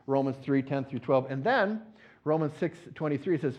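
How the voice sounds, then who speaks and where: A man preaching an earnest teaching sermon, repeating key phrases and swelling louder on them. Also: medium pitch, moderate pace. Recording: dull lo-fi recording.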